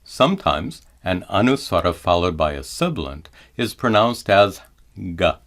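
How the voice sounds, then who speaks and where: A middle-aged man teaching Sanskrit chanting in a measured, calm manner, pausing to chant each example slowly. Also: sits low. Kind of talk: slow explanatory lesson with chanted examples.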